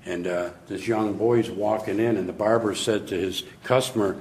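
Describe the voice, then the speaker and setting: A man's voice: lowish voice, fairly even intonation, moderate pace, hardly any pauses, darkish tone. An older man, a sales trainer, telling funny stories to an audience and acting out the characters' voices. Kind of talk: humorous storytelling talk to an audience. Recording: echoey room with faint noise.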